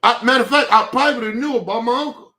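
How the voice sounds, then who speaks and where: This young man's voice is extremely high, fast, bright, and forceful as he hosts a stream. He rants casually to his audience about his family, angry, profane, and repetitive.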